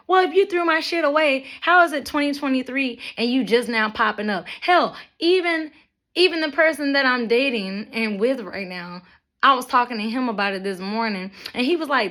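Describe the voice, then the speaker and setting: A young adult woman talks straight to her audience in a bright, fairly high voice. Her rant is blunt and full of profanity, and she mocks the people in her story as she tells it. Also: moderate pace. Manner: blunt, profane, animated storytelling with mocking asides. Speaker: vlogger. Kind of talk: ranting monologue to camera.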